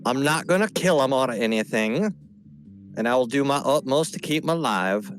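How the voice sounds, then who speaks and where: Calm man playing a tabletop game. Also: mid-range voice, normal speed, faint music behind. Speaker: player. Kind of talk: tabletop role-play.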